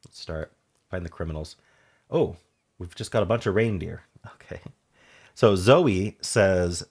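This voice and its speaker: A deep-voiced man with a slightly sore throat works through word puzzles out loud. He mutters and trails off while thinking, then brightens with quick asides to the viewer. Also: slightly rough. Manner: muses half to himself, trails off, sudden brighter asides. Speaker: puzzle game streamer. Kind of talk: casual thinking aloud while solving puzzles.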